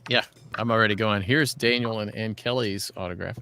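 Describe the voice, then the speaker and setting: Bright, chatty middle-aged man. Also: on the low side, fairly even intonation, a little fast, clean tone. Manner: chatty storyteller, restarts sentences. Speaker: voice actor guest. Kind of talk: casual chat while signing autographs.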